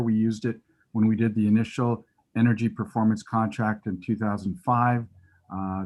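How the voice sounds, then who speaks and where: A man's voice: lowish voice, darkish tone. A man giving a facilities presentation to a committee over a remote call, explaining steadily with some fillers. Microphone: remote call audio.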